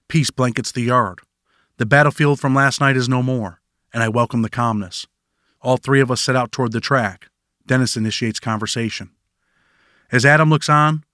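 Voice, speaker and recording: A man's voice: medium pitch, fairly bright tone, dry recording, clean studio sound. A man narrating his own memoir in the first person, in a reflective storytelling manner.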